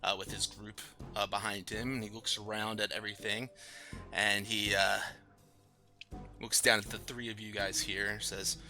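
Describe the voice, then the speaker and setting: Man, game master, low voice, rambling, loud music underneath. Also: little pitch movement, normal speed. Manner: rambling, many fillers. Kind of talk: narrating a tabletop game.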